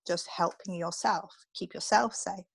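Woman guest, relocation coach; lower voice, lively, dry close mic. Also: unhurried, creaky, breathy edge, dry recording. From England. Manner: upbeat, animated, coaching asides. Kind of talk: casual interview chat.

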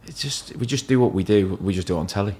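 Man, podcast guest, deep voice, quick rambling chat, casual swearing. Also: a little mellow. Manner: swears freely, rambling and candid. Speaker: podcast guest, tattoo artist.

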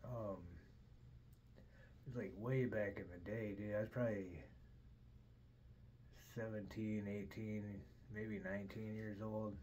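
A man's voice: lowish voice, level tone, slow, pauses often, darkish tone, slight background noise, low-quality recording. A middle-aged man hosting a podcast, rambling through a casual story with constant swearing and "dude". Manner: profane, says "dude" constantly. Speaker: podcast host.

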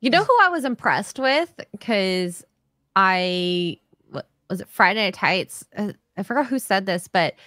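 A woman's voice: mid-range voice, lively intonation, a little slow, fairly bright tone, no room sound, studio quality. A woman in casual podcast chat, sharing everyday anecdotes.

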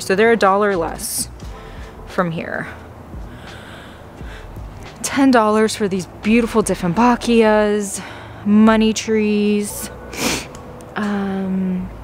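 A woman vlogging a plant shopping trip in a store, gushing and gasping with delight, often dropping to an awed whisper. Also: mid-range voice. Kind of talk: excited shopping vlog. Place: big box store garden section.

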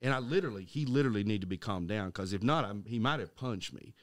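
A middle-aged man co-hosting a casual Christian podcast, telling a story with halting restarts and acting out the voices of the people in it. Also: on the low side, animated, no echo, clean studio sound. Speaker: podcast co-host.

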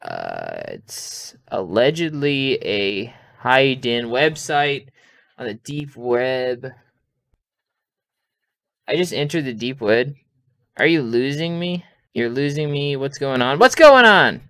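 A man playing a video game, reading its texts aloud and reacting in a quick, jumpy way. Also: medium pitch, very animated, gravelly, fairly bright tone, dry recording. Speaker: let's play gamer. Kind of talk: casual game commentary.

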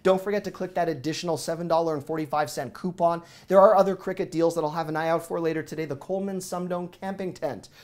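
Excited fast-talking man rattling off deals. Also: on the high side. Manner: excited, rapid auctioneer-like patter. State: sweating. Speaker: deals show host. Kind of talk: fast product deal rundown.

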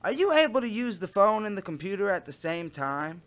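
A man playing a smarmy adult man sweet-talking online, with a slow, doting, syrupy delivery. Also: sits high, big pitch swings, a bit bright.

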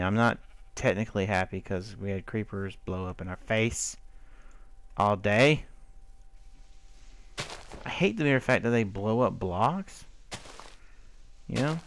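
A man's voice: lowish voice, lively intonation, unhurried, pauses often, dry recording. A man giving casual commentary while he plays a block-building game, chatting to his animals and the monsters. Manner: chatty, talks to his in-game sheep and mobs, hums. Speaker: gameplay commentator.

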